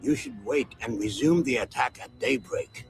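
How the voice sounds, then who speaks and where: A man voicing a wise, fatherly old uncle in an animated series, speaking calmly and softly. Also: mid-range voice, normal speed, soft background music, natural voice. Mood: advising. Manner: calm, fatherly and soft-spoken. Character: gentle, wise old uncle, a retired general.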